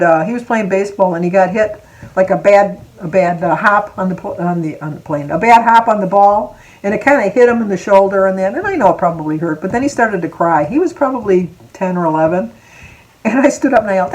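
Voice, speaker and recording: A woman's voice: medium pitch, a little mellow, rough recording. Chatty older woman telling a rambling story. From Michigan, USA. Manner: chatty and rambling, drifting off topic with asides and laughs; emotional, close to tears. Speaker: vlogger. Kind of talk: casual personal storytelling to camera.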